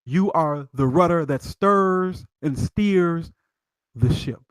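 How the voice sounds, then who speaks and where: A man's voice: fairly high pitch, slow, clear, resonant tone, no echo. A man hosting a live stream, preaching with emphatic rhetorical questions. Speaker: livestream host. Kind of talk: preachy livestream talk.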